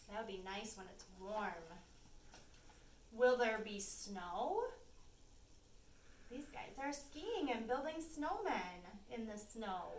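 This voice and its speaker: Slow storybook-reading woman teacher. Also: a little high. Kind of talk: reading picture books aloud to young children. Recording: echoey room, mic from far off, faint background hum.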